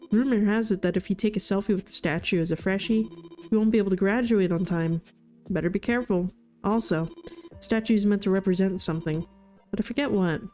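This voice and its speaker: Her pitch is medium and her tone leans darkish as this woman VTuber works through a game. She reads its text out loud, mixing in sarcastic, self-deprecating humor, while game music plays faintly underneath.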